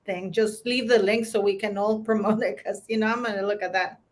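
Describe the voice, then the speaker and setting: A woman on a livestream panel, speaking emphatically and haltingly in casual chat. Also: medium pitch, fairly even intonation, slight background noise.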